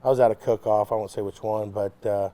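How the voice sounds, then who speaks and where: A man who is a competition pitmaster, telling anecdotes at a relaxed pace in a casual interview, often pausing on "uh". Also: fairly low pitch.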